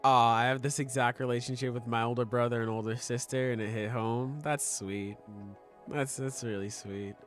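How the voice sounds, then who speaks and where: Young male podcast co-host, excitable and loose, mid-pitched, faint music underneath. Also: moderate pace. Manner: excitable, swears a lot, many fillers. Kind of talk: casual chat.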